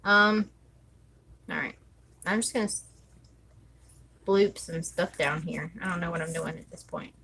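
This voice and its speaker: Bright-voiced woman chatting slowly. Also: lowish voice, gravelly, slight background noise, poor audio. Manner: chatty, thinks aloud, counts under her breath. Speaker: planner vlogger. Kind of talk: casual chat while decorating a planner.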